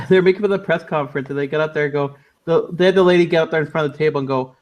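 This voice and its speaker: A man's voice: on the high side, steady tone, fast, few pauses. A man hosting a casual online radio chat, loose and laughing, often trailing off into mumbles. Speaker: podcast host.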